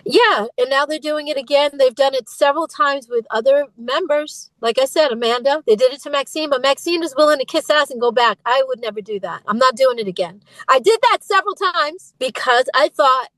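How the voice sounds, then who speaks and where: A woman's voice: sits high, fairly quick, hardly any pauses, fairly bright tone, no room sound, low-quality recording. A woman in her fifties, a former group singer, speaking frankly and emphatically as a guest in an interview. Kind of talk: candid interview.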